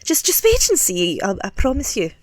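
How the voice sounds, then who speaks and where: A woman's voice: a little high, wildly swooping pitch, moderate pace, darkish tone, dry recording. Woman playing a gossipy grumbling ship cleaner. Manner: complaining, conspiratorial. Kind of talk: tabletop role-play in character.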